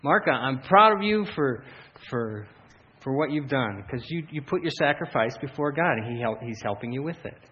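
A man preaching a sermon as pastor, telling stories animatedly with frequent laughs and loud shouted bursts. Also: mid-range voice, animated, moderate pace. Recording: dull lo-fi sound, faint room ambience.

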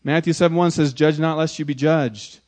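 Here a man preaches as pastor in a slightly high voice, moving fairly quickly with fairly even intonation. He still swings from shouted exclamations to quiet lines and leans on repeated words for emphasis.

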